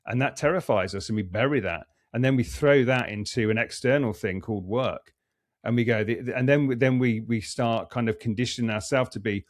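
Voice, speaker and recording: A man's voice: mid-range voice, fast, no echo, studio quality. A middle-aged man, a coach and performance psychologist, reflecting earnestly as a podcast guest and often restarting his sentences. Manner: earnest, restarts and repeats words while thinking. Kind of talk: reflective conversational explaining.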